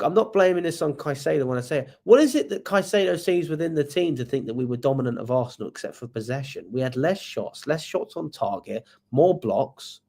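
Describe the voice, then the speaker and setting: A man's voice: mid-range voice, darkish tone. A man hosting a football fan channel, giving a live match review and reading out viewer comments, exasperated and swearing, firing off rhetorical questions.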